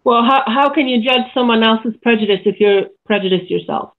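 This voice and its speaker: A woman guesting on a casual podcast, speaking in a relaxed, dry way. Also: a little high, fairly quick, narrow, tinny audio.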